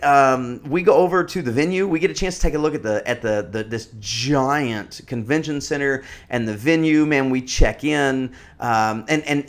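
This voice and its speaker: A man in his thirties telling a personal story in a casual, rambling way, full of fillers and restarts. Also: medium pitch. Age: 30s.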